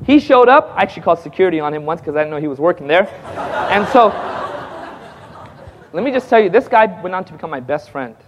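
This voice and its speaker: Telling his testimony lively to a congregation, this evangelist acts out dialogue, chuckles often and calls out for audience responses. He speaks fast in a high voice with long pauses, and the muffled recording has a long reverb tail and a little hiss or hum.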